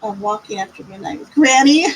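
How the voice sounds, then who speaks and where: A woman's voice: high voice, a bit bright, a little hiss or hum, rough recording. A middle-aged woman giving live tarot readings on a stream, chatty and reassuring as she talks to viewers. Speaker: tarot reader.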